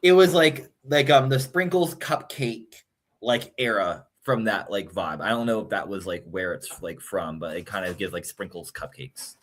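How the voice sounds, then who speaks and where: A man co-hosting a casual chat, joking playfully with lively swings in his voice. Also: on the low side, moderate pace. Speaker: podcast co-host. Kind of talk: casual chat about language building.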